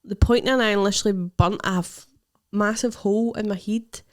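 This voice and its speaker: A woman's voice: medium pitch, fairly even intonation, brisk, no room sound, studio quality. A young Scottish woman, a comedian co-hosting a podcast, chatting casually and teasing her friend with lots of laughter. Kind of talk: casual chat.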